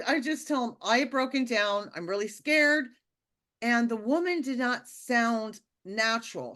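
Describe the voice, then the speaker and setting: A woman casually telling a personal spiritual story, animated and acting out the quotes, often laughing. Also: on the high side. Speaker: podcast guest telling a testimony.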